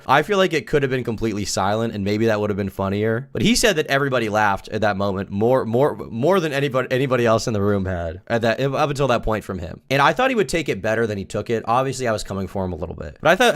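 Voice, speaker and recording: A man's voice: mid-range voice, a bit bright. A young man telling a long story in a loose, rambling way, repeating himself with lots of fillers. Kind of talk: casual storytelling.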